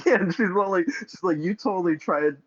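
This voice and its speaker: A man's voice: high voice, normal speed, dull audio. A young man on a podcast telling a rambling story, full of restarts and fillers. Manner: rambling, many restarts and likes. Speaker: podcast co-host. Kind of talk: casual storytelling.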